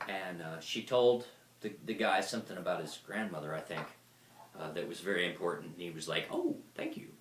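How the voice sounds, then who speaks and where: A man with a low voice talks a little fast in a casual, rambling way, telling stories and swearing freely. He comes across as a lively, profane storyteller. The recording has a roomy echo and slight background noise.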